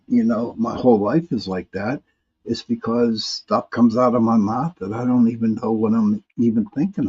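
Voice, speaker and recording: A man's voice: lowish voice, a little mellow, breathy edge, highs cut off. A man hosting a live paranormal talk stream, reading viewer comments in a rambling way, often restarting and repeating words.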